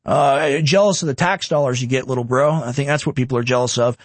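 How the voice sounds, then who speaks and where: A man's voice: mid-range voice, no echo. Guy ranting on his commentary show, sarcastic, bone dry mic. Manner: indignant, sarcastic, talks fast in bursts. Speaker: online commentary host.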